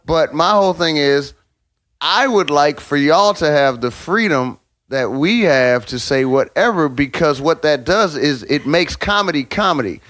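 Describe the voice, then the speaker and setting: A middle-aged man talks as a guest comedian on a podcast, his pitch rising and falling widely. He is emphatic and profane. The sound is dry and close. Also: animated, measured pace, fairly bright tone, dry recording. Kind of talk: casual podcast chat.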